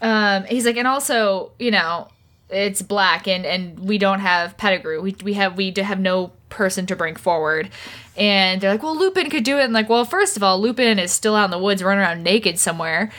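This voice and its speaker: A woman co-hosting a podcast, casually and irreverently recapping a book chapter and acting out the characters' lines in quick voices. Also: mid-range voice, a bit bright. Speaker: podcast co-host.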